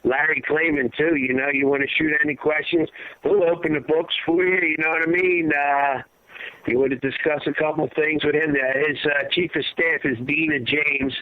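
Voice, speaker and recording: A man, a grieving father, telling his story in an impassioned, rambling way, his voice sinking low and heavy at the hardest parts. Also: fairly even intonation, moderate pace. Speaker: guest, father of a fallen soldier. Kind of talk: emotional storytelling interview. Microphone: phone call. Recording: tinny phone line, dry.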